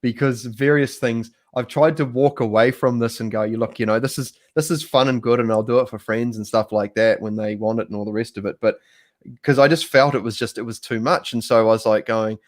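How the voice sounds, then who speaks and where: A man's voice: medium pitch, fairly even intonation, brisk. Rambling, hesitant man hosting a livestream. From New Zealand. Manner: rambling and hesitant, many restarts. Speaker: host. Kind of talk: casual conversation on a livestream.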